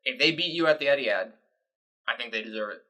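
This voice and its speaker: Man, co-host, very bright tone, opinionated, rambling casual chat. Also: mid-range voice, quick pace, rough recording. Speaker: podcast co-host.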